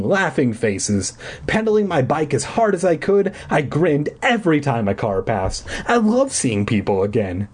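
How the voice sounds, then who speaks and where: A man reads a children's book aloud in a husky voice, hamming up each sentence. His pitch swings widely, and he breaks off for crude asides. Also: sing-song, moderate pace, darkish tone. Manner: mock-dramatic reading with crude asides. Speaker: reader. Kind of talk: comedic reading of a children's book.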